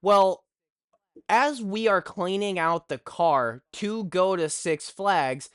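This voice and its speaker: Young male vlogger, crisp clear voice, unhurried, cursing, fed-up storyteller. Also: high-pitched, dry recording, studio quality. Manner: animated, swears constantly, exasperated. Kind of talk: profane ranting storytime.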